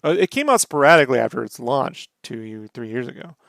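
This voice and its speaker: A man's voice: mid-range voice, very animated, fairly quick, gravelly, a bit bright, no room sound, studio quality. A man co-hosting a casual podcast, laid-back and joking, swearing freely as he talks games. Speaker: podcast co-host. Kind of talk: casual chat.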